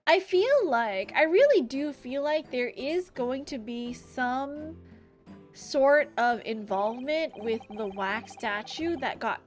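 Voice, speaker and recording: A woman streamer thinks out loud in a chatty, tentative way while playing. Her voice is high, with quiet music under her talk. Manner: musing, unsure, chatty. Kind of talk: casual gaming commentary.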